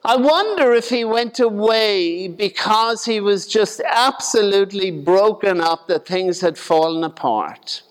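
Slow high-voiced preacher in a reverberant hall. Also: male voice, expressive, clear, resonant tone. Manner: conversational, acts out voices in his retelling. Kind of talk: sermon.

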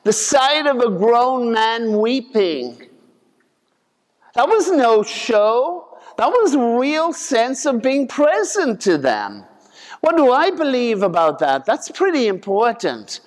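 A man preaching a conversational sermon in a folksy way, acting out voices with sudden leaps in pitch. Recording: long reverb of a large hall.

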